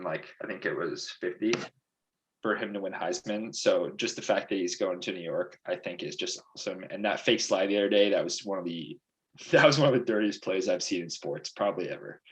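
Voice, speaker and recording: Deep-voiced young man, eager sports fan. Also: a bit bright. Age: young adult. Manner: enthusiastic, chatty fan talk. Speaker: podcast co-host. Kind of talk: casual sports chat.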